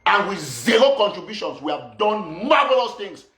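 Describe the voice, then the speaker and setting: Cameroonian Pidgin-accented activist host, man, high voice, accusatory and repetitive, echoey room. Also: sing-song, normal speed, pushed and bright. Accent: Cameroonian Pidgin English. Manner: fiery and accusatory, repeats phrases for emphasis. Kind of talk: impassioned political rant to live viewers.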